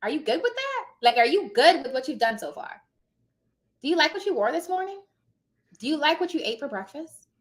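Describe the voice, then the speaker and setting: Speaking brisk and animated in a high-pitched voice, with long pauses here and there, a thirty-something live-stream host and notary coach addresses viewers directly. She offers motivational advice emphatically but informally.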